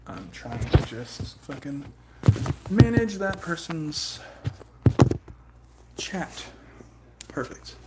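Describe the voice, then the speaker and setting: A man's voice: fairly high pitch, very animated, very slow, long pauses, very noisy. A young man streaming live, talking in a casual, profane, rambling way that turns heartfelt. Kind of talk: casual livestream chat.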